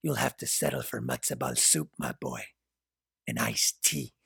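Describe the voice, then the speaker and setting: A man reading a story aloud, voicing a calm, menacing male captor who mocks and chuckles darkly. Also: medium pitch, a little slow, no echo, studio quality, heavily acted. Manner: smooth, mocking, chuckles darkly.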